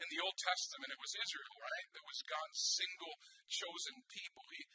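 A middle-aged male pastor preaching a sermon in an animated way, often repeating words and asking the congregation "right?". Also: very high voice, normal speed, slight background noise, poor audio.

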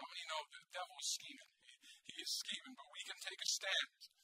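Bright, high-voiced male preacher. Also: wildly swooping pitch, brisk, few pauses, low-quality recording. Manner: conversational storytelling with rhetorical questions. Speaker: pastor. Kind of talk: sermon.

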